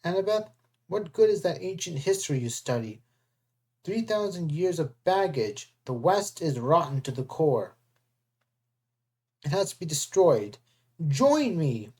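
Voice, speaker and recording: A reader puts on a smooth, scheming young man from a storybook, calm and mocking as he tries to win someone over. The voice sits at a middling pitch, neither high nor low. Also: a little slow, long pauses. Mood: persuasive. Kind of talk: storybook read-aloud.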